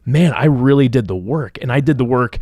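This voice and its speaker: A man's voice: medium pitch, expressive, fairly quick, darkish tone, no echo. Reflective podcast host man, dry sound. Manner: conversational, reflective, many fillers. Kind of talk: casual conversation.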